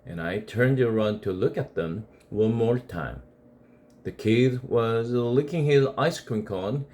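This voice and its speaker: Slow, expressive man reading aloud. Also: medium pitch. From South Korea. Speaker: English teacher.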